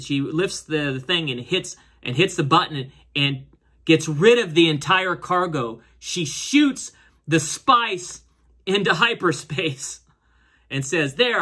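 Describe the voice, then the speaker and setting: Bright-voiced man rambling through a recap. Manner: rambling, many fillers and restarts; voices characters' lines with raised pitch. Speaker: show reviewer. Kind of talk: casual episode recap and commentary.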